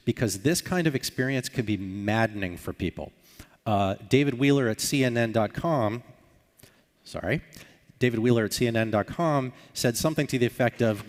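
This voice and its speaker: A man with a low voice gives a conference talk in a large hall, and his words ring out with a long reverb. He explains his points and acts out short sample dialogues along the way. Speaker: conference speaker.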